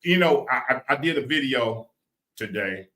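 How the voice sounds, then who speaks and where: A man from Louisiana, co-hosting a live podcast chat in an animated, preachy way, often repeating words. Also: medium pitch, moderate pace. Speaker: podcast co-host. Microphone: video call.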